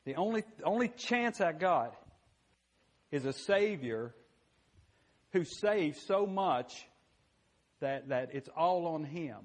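Male preacher, high voice, chatty down-home delivery, sermon in a church. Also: expressive, slow pace, long pauses. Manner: folksy, conversational, repeats "you know what?".

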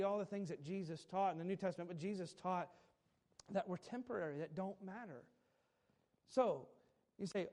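A man's voice: sits high, moderate pace, darkish tone. A male preacher delivering a sermon with emphatic, repetitive phrasing and light chuckles.

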